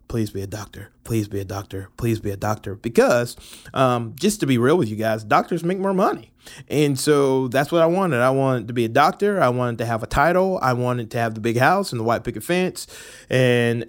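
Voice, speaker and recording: A man who serves as a teaching pastor speaks candidly in casual storytelling. His telling is animated and easygoing, with playful asides. His voice sits at a middle pitch for a man. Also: clean tone. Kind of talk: personal storytelling on a podcast.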